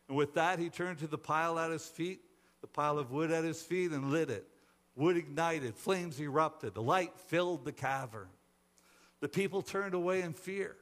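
A man's voice: mid-range voice, unhurried, fairly bright tone. A man preaching a sermon, telling a parable and acting out its voices. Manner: acts out the characters' voices in a parable. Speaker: pastor. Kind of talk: sermon storytelling.

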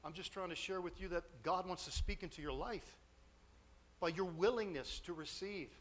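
A man preaching puts on a gentle older male pastor who corrects him softly, firm but fatherly. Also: high voice, moderate pace, pitched above the performer's own voice.

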